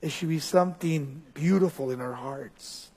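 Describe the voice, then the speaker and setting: High-voiced preacher in a reverberant hall. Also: male voice, normal speed, husky. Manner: preaching with wide swings of pitch and loudness. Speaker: pastor. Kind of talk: sermon. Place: church. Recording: long reverb in a church hall.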